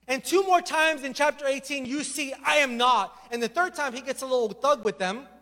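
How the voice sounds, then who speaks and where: A male pastor with a very high voice delivers a fairly quick sermon, telling the story with animated energy and slipping into acted voices. His words ring out with a long reverb through a large hall.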